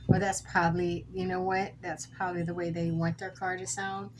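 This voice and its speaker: A woman's voice: lowish voice, level tone, moderate pace, few pauses, music in the background, poor audio. A middle-aged woman chatting casually while making beaded jewelry, telling rambling stories with self-corrections. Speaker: jewelry crafter. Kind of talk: casual crafting vlog chat.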